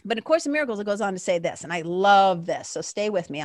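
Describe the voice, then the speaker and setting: A woman giving a casual spiritual talk, talking fast and reading passages slowly. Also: mid-range voice, big pitch swings, dry recording, studio quality. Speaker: spiritual teacher.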